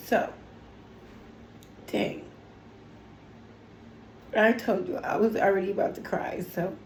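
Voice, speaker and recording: A woman's voice: medium pitch, steady tone, slow pace, gravelly, roomy sound, a little hiss or hum, poor audio. A woman giving a casual tarot reading on her channel, talking in an emotional, chatty way with lots of fillers, teary as she goes. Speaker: tarot reader.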